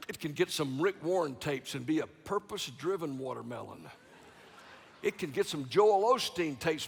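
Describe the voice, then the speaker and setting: Brief: dramatic male preacher, raspy edge, big sanctuary reverb. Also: a little high, lively intonation, moderate pace. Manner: dramatic, swings from loud to hushed. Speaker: guest preacher. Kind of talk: sermon. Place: large church sanctuary. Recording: long church reverb.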